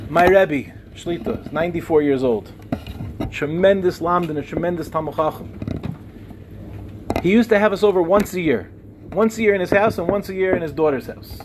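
A young man teaching as a rabbi, telling personal stories in an animated way with humorous asides. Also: fairly high pitch, noisy background. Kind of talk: Torah lecture with personal stories.

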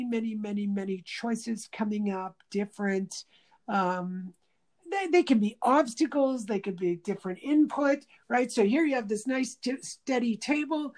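Woman, conversational interview, mid-range pitch, acts out quotes, thinks aloud with restarts. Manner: animated storyteller who acts out quoted speech.

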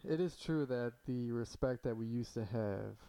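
A man co-hosting a podcast, speaking in a measured, articulate and wry way during casual political chat. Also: medium pitch, vocal fry, warm tone, poor audio. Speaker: podcast co-host.

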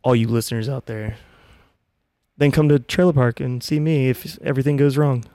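Male podcast guest, easygoing and joking; mid pitch, dry close sound. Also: moderate pace, no echo. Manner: relaxed, joking, brief reactions. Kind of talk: casual chat.

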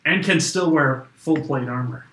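A tired man chatting casually as a player at a tabletop game, low-key and wry. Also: measured pace, fairly bright tone. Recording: roomy room with faint noise.

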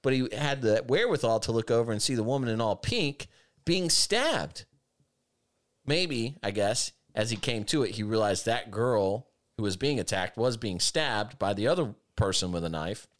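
A man hosting a talk show, giving emphatic, argumentative commentary that swings between rushed and drawn-out phrasing. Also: fairly low pitch, expressive, fairly bright tone. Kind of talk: opinionated commentary chat.

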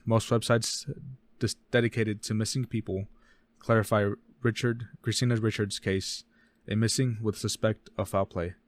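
Casting: deep-ish male podcast co-host, dry close sound, quick reading with stumbles and self-corrections. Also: no echo. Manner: reads case notes fast, stumbles and corrects himself. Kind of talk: casual true-crime podcast reading.

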